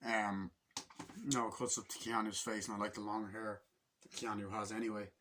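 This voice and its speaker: A man's voice: on the low side, level tone, a little fast, sharp tone, slight background noise. A young man giving a casual, rambling movie review, swearing freely and acting out scenes with grunts and sound effects.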